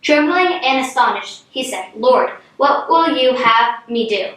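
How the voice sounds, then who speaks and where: A young woman reads scripture verses aloud in a plain way and trips on names. Her voice is a little high. She sits back from the mic in a very echoey room. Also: lively intonation, a little slow, fairly bright tone, recorded from a distance. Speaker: scripture reader.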